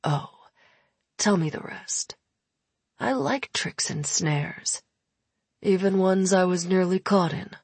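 Brief: a woman playing a languid young king, soft, slow, teasing. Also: fairly low pitch, breathy edge, dry recording, heavily acted. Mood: amused. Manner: lazy, amused, drawling. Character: young male high king, languid and mocking. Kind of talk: audiobook character voice.

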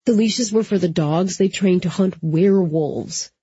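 A woman reading the part of a shaken young man who quietly confesses a family secret, in a dry, slightly dull recording. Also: sits high, a little slow, breathy edge, no room sound, heavily acted. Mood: grim. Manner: quiet, hushed.

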